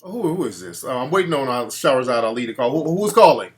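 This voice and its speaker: A man's voice: medium pitch, sing-song, quick pace. A man hosting a casual call-in show, talking in a brash, profane way and reacting to his live chat. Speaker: talk show host.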